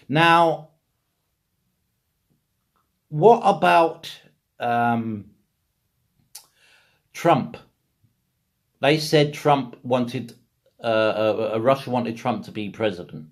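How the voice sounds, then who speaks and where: A man from England ranting in a casual monologue, full of rhetorical questions and repeated phrases. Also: medium pitch. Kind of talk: casual political rant.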